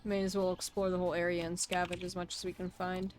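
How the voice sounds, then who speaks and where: A woman's voice: fairly low pitch, monotone, quick pace. A woman streamer giving casual gameplay commentary, chatty and self-deprecating as she talks to her chat.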